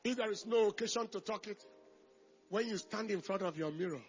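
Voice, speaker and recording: A man preaching a sermon with emphasis, repeating phrases and swinging from hushed lines to shouted declarations. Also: high voice, brisk, muffled recording. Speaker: pastor.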